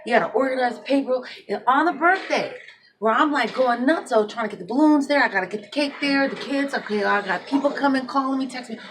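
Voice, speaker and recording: Blunt single mom in her 30s ranting about her ex, cussing a lot, voice on the high side, faint background noise. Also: quick pace. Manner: blunt, heavy swearing, animated storytelling. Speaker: single mother. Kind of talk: emotional personal monologue.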